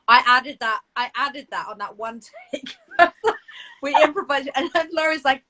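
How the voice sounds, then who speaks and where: A woman's voice: on the high side, normal speed. Chatty woman on a video call. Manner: animated, laughing, self-deprecating storytelling. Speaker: actress guest. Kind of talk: casual live Q&A chat.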